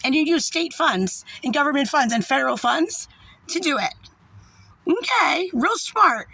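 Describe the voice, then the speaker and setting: A woman's voice: sits high, animated, unhurried, creaky, sharp tone, no room sound. A mother in an angry, profane, rambling direct-to-camera rant. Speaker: parent.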